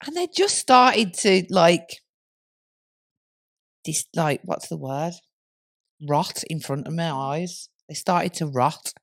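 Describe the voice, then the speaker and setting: A woman's voice: fairly low pitch, slow pace, long pauses. Giggly woman telling a story. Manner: giggly, swearing, animated storytelling. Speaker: podcast co-host. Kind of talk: casual storytelling chat.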